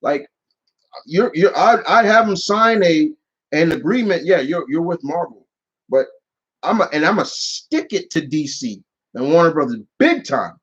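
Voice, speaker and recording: A man's voice: on the high side, animated, unhurried, husky, muffled recording. A man casually answering viewer questions on his channel, rambling with many restarts and fillers. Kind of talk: casual live Q&A chat.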